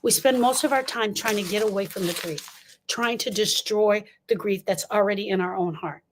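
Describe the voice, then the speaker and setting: Older woman, grief support speaker, emphatic, repeats key lines, speaks straight to the listener, mid-pitched voice. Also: moderate pace, noisy background. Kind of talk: impassioned grief talk.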